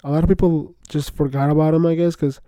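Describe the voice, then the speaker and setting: A young man hosting a podcast, rambling excitedly in casual slangy chatter, full of "bro" and "like". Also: fairly high pitch, quick pace, no echo. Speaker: podcast host. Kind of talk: casual solo podcast talk.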